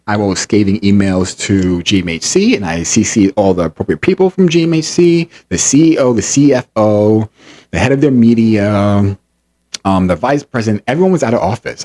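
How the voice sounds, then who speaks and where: Vlogger man, low husky voice, very animated delivery, emphatic retelling. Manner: animated, acts out quotes, laughs, emphatic repetition. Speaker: channel host recounting an incident. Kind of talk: heated personal storytelling to camera.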